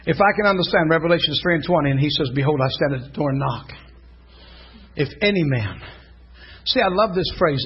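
A middle-aged male pastor preaching an animated sermon, telling stories with shouts and laughter. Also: on the high side, husky. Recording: dull lo-fi sound, faint congregation.

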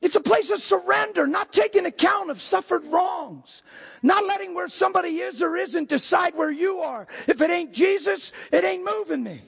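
An older man preaching a sermon as pastor, breaking into sudden shouted outbursts between plain talk. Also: very high voice, lively intonation, normal speed, gravelly.

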